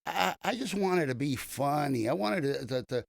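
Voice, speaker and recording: A man's voice: fairly high pitch, expressive, normal speed, creaky, dry recording, clean studio sound. Rambling older man telling stories. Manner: rambling, many restarts and fillers. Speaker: comedian guest. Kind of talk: casual storytelling interview.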